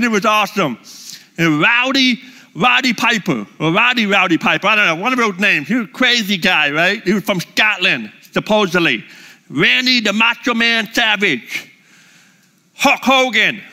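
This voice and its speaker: A middle-aged man telling lively, enthusiastic personal stories to a live audience. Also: high voice. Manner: lively, enthusiastic, holds up props. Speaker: speaker addressing a live audience. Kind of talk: animated personal storytelling.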